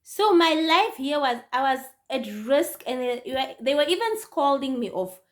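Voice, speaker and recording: A young woman from Namibia with a Namibian accent, telling her own story to her viewers in a casual, animated way. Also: sits high, unhurried. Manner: animated, addresses viewers directly. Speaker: YouTuber.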